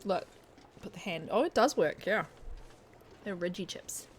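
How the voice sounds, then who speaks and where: A woman's voice: on the low side, animated, measured pace, slight background noise. A woman streaming a game from home, chatting casually and joking, sometimes talking with her mouth full. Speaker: live streamer. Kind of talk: casual live-stream chat while gaming.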